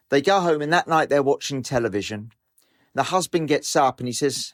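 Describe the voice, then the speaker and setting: Animated man teaching Torah. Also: fairly high pitch, a little fast, dry recording, studio quality. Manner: animated storyteller, poses questions. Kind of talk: Torah class talk.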